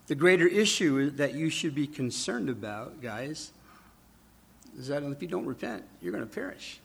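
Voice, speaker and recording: Husky-voiced man preaching conversationally. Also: medium pitch, expressive, a little slow. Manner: conversational preaching, rhetorical questions, dramatic drops to a hush. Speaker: pastor. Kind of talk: sermon.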